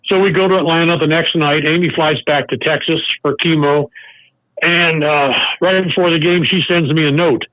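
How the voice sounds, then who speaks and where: An older man, a former baseball coach, tells a personal story as a podcast guest, halting and restarting often. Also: on the high side, fairly even intonation, no room sound. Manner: halting, with many restarts and fillers. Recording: narrow phone-like sound.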